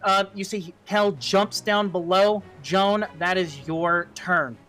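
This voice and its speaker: A man's voice: sits high, steady tone, takes it slowly, bright, forceful tone. A man narrating a tabletop role-playing game as game master, casual, with fillers and sound effects.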